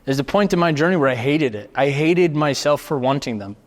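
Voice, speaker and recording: A man giving a live motivational talk to an audience, animated and expressive, firing off rhetorical questions with the occasional swear word. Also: on the high side, fairly quick. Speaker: motivational speaker. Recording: reverberant hall.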